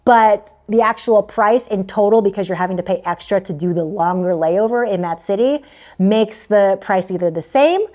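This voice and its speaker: A woman's voice: mid-range voice, normal speed, a little mellow. A young adult woman giving travel tips in a chatty, casual way, with lots of fillers and frequent laughs. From Philippines-connected American. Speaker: travel vlogger. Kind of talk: casual talk to camera.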